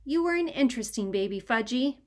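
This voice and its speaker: A woman voicing a gentle, reasonable mother in a storybook reading. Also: on the high side, animated, a little fast, natural voice.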